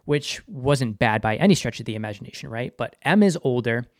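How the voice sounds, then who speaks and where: A man's voice: mid-range voice, expressive, fairly quick, no room sound, clean studio sound. A man with a Boston accent hosting a casual, enthusiastic episode review, sometimes calling himself by his show name. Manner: enthusiastic, talks about himself in third person. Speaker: TV review host.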